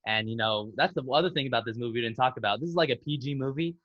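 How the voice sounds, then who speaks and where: A man's voice: medium pitch, rapid-fire, dry recording, muffled recording. A man co-hosting a casual film podcast, eagerly retelling movie scenes and acting out their lines. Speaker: podcast co-host.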